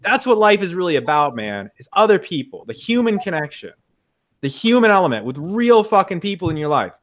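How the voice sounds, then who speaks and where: Young male podcast guest, fairly high voice, blunt and swearing, emphatic. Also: sing-song, a little fast. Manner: frank, profane, emphatic. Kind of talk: casual conversation. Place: in the US Midwest.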